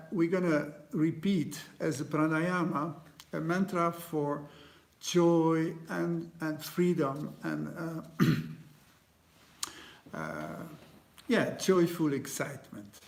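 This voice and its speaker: A man leading a guided meditation, speaking gently with many pauses, fillers and restarts, in slightly non-native phrasing. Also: on the high side, creaky. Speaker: meditation teacher.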